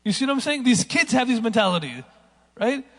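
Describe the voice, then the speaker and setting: A man giving a sermon, telling stories in a lively way that moves between hushed moments and emphatic ones. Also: very high-pitched, fairly quick. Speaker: preacher. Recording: long hall reverb.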